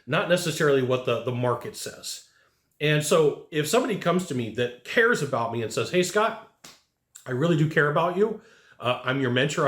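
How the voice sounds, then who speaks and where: A man talking as a sales coach, earnest and emphatic, with a voice of middling pitch. His words ring out in a room full of echo. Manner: earnest, emphatic, quotes others in a raised voice. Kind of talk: motivational talk to camera.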